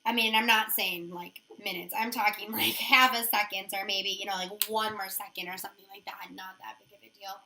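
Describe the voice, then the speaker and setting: A woman's voice: medium pitch, steady tone, brisk, vocal fry, hardly any pauses, bright, forceful tone. A woman giving a chatty, upbeat how-to demonstration of nail wraps, talking her steps through as she works. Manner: chatty, upbeat, thinks aloud while working.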